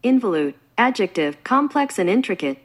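A woman voicing a calm, polite voice assistant that reads out word definitions. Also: mid-range voice, normal speed. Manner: flat read-out definitions.

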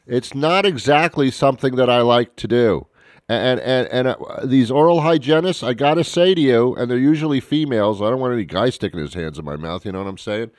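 A man's voice: mid-range voice, expressive, a little fast, dry recording, clean studio sound. A man hosting a radio talk show, rambling and joking at his own expense. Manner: rambling, self-mocking, jokey. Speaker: radio host. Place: radio studio.

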